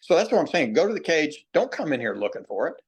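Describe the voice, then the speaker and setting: A middle-aged man, a baseball hitting coach, talking in a podcast interview. He tells folksy stories, acts out quoted players and slows down to stress key points. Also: fairly high pitch, big pitch swings, breathy edge. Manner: plainspoken, repeats himself, drawn-out emphasis.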